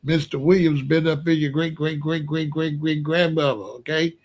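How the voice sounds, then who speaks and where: A man's voice: on the high side, steady tone, normal speed, a little mellow. A middle-aged man ranting bluntly and profanely in casual commentary, repeating himself and dismissing others.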